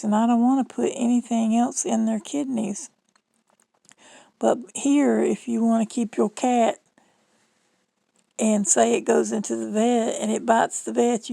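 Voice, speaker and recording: A middle-aged Southern woman talking to her phone in a loose, rambling vlog, folksy and chatty. Her voice sits a little high and is heavily gravelly with vocal fry. The sound is dry and close, with almost no room around it. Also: warm tone, no room sound, low-quality recording. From Southern United States. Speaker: vlogger. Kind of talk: rambling casual monologue.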